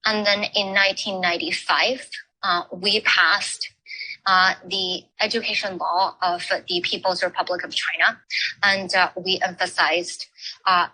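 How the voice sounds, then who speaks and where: A woman lectures at an education forum in an unhurried, measured way. Her voice is bright and crisp. She stops often on fillers as she picks her next words. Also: lowish voice, steady tone, rough recording. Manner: halting, with frequent filler pauses. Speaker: forum speaker. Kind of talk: academic talk on education history.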